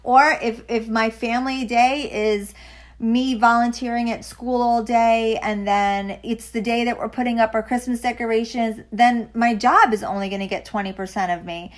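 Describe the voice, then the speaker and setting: A woman's voice: on the high side, fairly even intonation, normal speed. A woman in her forties co-hosting a podcast, talking candidly in casual chat with lots of "like" and restarts. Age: 40s. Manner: candid, frank, peppered with "like". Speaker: podcast co-host.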